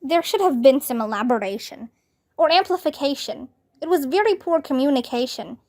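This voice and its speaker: A woman with a high voice reads a children's book aloud. Her delivery is slow, clear and expressive, in a steady storybook style. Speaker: storybook reader.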